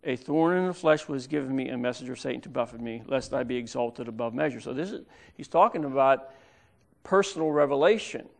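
A man preaching a sermon in church, explaining Bible verses step by step and reading scripture aloud with pauses. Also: medium pitch, gravelly.

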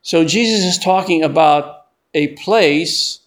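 Older man preaching a relaxed sermon. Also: on the high side, slow pace. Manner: conversational, often repeats and restarts words.

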